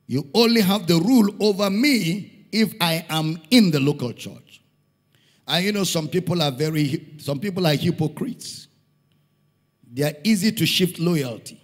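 A middle-aged Nigerian pastor preaches a sermon in a church hall, emphatic and repeating key lines for stress. His voice sits high and sing-song at a moderate pace. Long hall reverb fills the recording.

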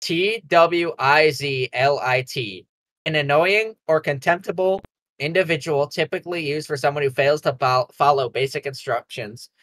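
A young man hosting a podcast, rambling and excitable in crude casual banter, laughing often. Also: a little high, normal speed, dry recording. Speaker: podcast host.

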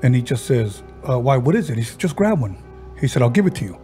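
A man hosting a podcast, casually retelling a ghost story he heard and slipping into the voices of the people in it, with halting restarts. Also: medium pitch, lively intonation, warm tone, faint music behind. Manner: halting, with frequent restarts and fillers. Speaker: podcast host.

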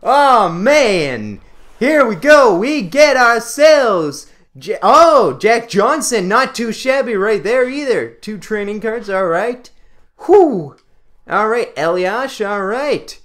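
A young man, giving excitable pack-opening commentary over a hockey video game. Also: high voice, slow. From Canada. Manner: excitable, yelps and laughs at pulls. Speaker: gaming video creator.

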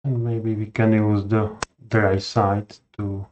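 A man hosting a board game session, introducing the game and then chatting through the moves in careful, unhurried phrases. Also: lowish voice, little pitch movement, darkish tone, slight background noise. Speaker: board game channel host. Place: home, recording over a digital tabletop. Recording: dull lo-fi sound.

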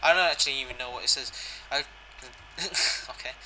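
A man's voice: medium pitch, normal speed, sharp tone, a little hiss or hum, rough recording. A young man giving a casual, jokey video game walkthrough, swearing and reading the in-game dialogue aloud. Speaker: gaming channel host.

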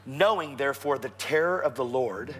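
A man with a Texan accent and a mid-range voice preaches a sermon in a church sanctuary at a normal speed, soft music playing behind him. He tells stories animatedly, acting out the voices of the people in them.

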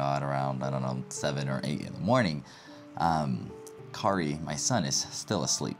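A man in his thirties, a physician vlogger, talking casually to camera in a loose, rambling way full of fillers. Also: very deep voice.

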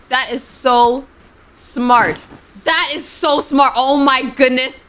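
A woman's voice: high-pitched, fairly even intonation, slow, fairly bright tone. A young woman streaming a game, chatting to herself and reading the characters' lines aloud. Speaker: gaming streamer. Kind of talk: playthrough commentary with read-aloud dialogue.

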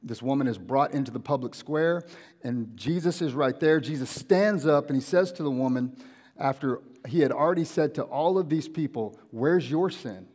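A young man preaching a casual sermon in a church auditorium, animated and often acting out everyday conversations in different voices. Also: medium pitch, normal speed. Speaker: pastor.

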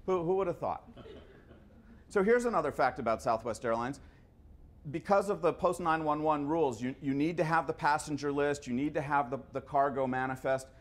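A man's voice: a little high, fairly quick. A man in his fifties giving a conversational lecture full of anecdotes, often stumbling and repeating his words. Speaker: guest lecturer. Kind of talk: storytelling lecture.

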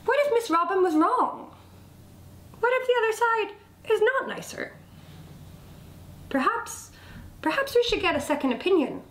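A woman's voice: very high voice, animated, moderate pace, pauses often, a bit bright, voice pushed up. A woman voicing a pair of gloomy talking rocks, wistful and sing-song. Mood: wondering. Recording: echoey room, faint background noise.

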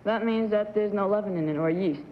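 A man's voice: high voice, a little fast. A young man answering a game show panel with short, hesitant replies. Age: young adult. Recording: dull 1960s TV broadcast, hall reverb, hiss.

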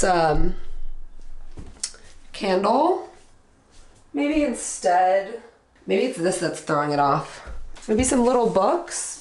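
A young woman chats casually into her camera at home, trailing off and thinking out loud as she goes. Her pitch sits in a typical middle range. A faint noise floor runs under the recording. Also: reverberant. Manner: rambling and thinking aloud, many fillers. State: out of breath. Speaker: vlogger. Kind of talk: casual home vlog chat. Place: indoors at home.

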